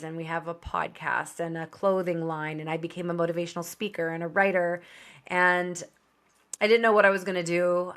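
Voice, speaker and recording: Low-voiced woman telling her story. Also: a bit bright. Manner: open, conversational, quick asides with laughs. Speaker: podcast guest. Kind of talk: candid personal storytelling.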